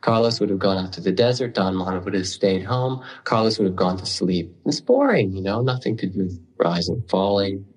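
Guy teaching meditation, slow storytelling dharma talk, pauses a lot, clears his throat now and then. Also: sits low, low-quality recording.

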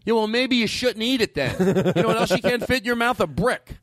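A man doing rambling, deadpan comedic podcast banter. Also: high voice, a little fast, few pauses, no echo.

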